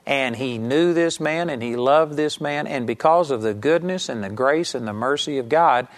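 A man's voice: medium pitch, normal speed. A man preaching a sermon, teaching earnestly and emphatically, and sometimes acting out the people in his story.

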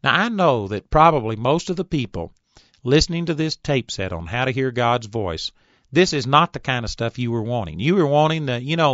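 A man in his fifties giving an earnest Bible teaching, reading scripture slowly and deliberately, on a recorded tape. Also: mid-range voice, animated, a bit bright, dry recording. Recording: dull, dry tape recording.

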